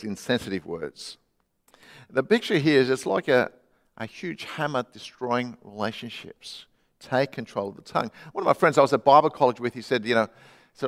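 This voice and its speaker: Middle-aged male pastor, conversational sermon, mid pitch, church hall reverb. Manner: conversational, swings from loud to hushed.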